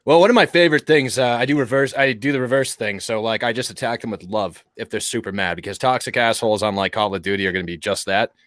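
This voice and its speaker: A man's voice: lowish voice, fairly bright tone, no room sound. A man co-hosting a casual gaming chat, joking and swearing in loose banter. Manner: fast, joking, profane banter. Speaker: co-host.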